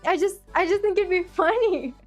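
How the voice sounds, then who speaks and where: A woman's voice: extremely high pitch, normal speed. A young woman streaming, chatting casually with her viewers in a giggly, rambling way full of fillers and restarts. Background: faint music.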